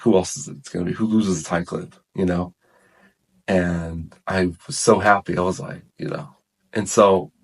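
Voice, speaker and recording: A man telling his faith testimony in a loose, rambling way, full of fillers and self-corrections. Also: deep voice. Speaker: guest sharing his testimony. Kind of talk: casual testimony chat.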